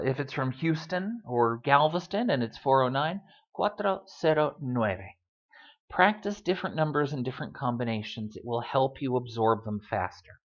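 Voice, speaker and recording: A teacher talks through a language lesson in a patient, steady voice at a middle pitch. Words are repeated slowly and carefully for learners to follow. The recording is a little dull and lo-fi. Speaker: Spanish teacher.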